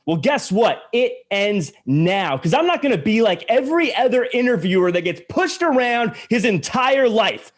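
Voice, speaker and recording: Brief: man playing a bullied male interviewer, defiant promo, high and lively. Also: normal speed. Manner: defiant, building to a shout. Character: fed-up young male wrestling interviewer standing up to bullies. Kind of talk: wrestling promo.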